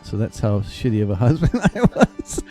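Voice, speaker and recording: Jokey guy on a call, swears a lot, really animated up and down, warm dark voice. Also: lowish voice, moderate pace, soft background music. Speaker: guest reaction youtuber. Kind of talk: casual chat.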